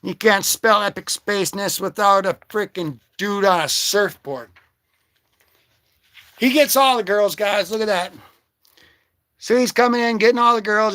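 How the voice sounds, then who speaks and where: An excitable man hosting a casual comic book vlog, joking and slangy as he talks through his comics. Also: high voice, normal speed, no room sound. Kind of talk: casual livestream commentary.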